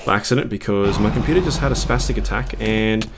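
Excitable man gaming. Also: lowish voice, fast talker, gravelly, heavy background noise. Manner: excitable, swings between panic and cheering. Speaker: gaming video creator. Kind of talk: live gameplay commentary.

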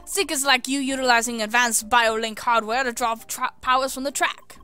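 Here's a cheery, chatty male tech specialist from a video game, eager to explain his hardware, as a woman puts him on. He speaks in a higher, bright voice with an attempted Australian accent. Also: fairly even intonation, normal speed, smooth.

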